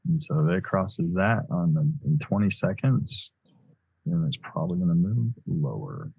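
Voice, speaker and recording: A man's voice: low voice, expressive, normal speed, creaky, a little mellow, husky, dry recording, low-quality recording. A man giving live commentary on his trades as he makes them, thinking aloud in a loose way that corrects itself as he goes.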